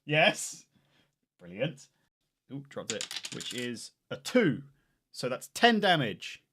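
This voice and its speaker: A man joins a tabletop game as a player, joking around and tripping over his own words. His pitch jumps around lively, and his voice is bright and forceful. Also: slow pace, pauses often, slight background noise. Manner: animated and joking, talks over himself. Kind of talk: casual chat during a tabletop game.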